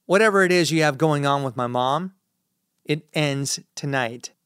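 A man narrating an audiobook, voicing an angry, defiant young man who speaks quietly and with contempt. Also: a little high, normal speed, clear, resonant tone, no echo, studio quality, lightly acted. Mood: cold.

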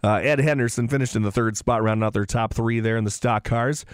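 A relaxed man co-hosting a racing show who reads out race results in a halting way, full of fillers and restarts. His voice sits in a middle pitch and is recorded on a dry, close studio mic. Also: smooth, no echo. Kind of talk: casual sports radio chat.

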